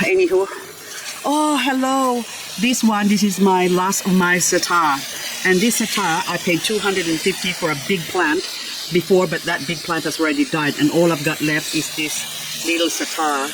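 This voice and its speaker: A woman's voice: on the low side, background noise. A woman vlogging as she waters her garden. She chats casually and talks fondly to her plants. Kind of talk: casual chat while working.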